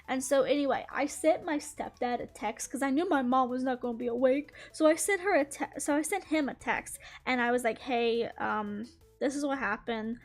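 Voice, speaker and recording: A woman's voice: a little high, moderate pace. A young woman telling a story while drawing, rambling with lots of fillers and frequent giggles. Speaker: YouTuber.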